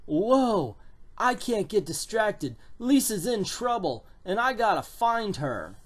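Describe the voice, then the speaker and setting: Man doing a pushy surfer-accented superhero girl, high and lively, comic review. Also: slow pace, heavily acted. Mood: brash. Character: brash young superhero woman, surfer-talking.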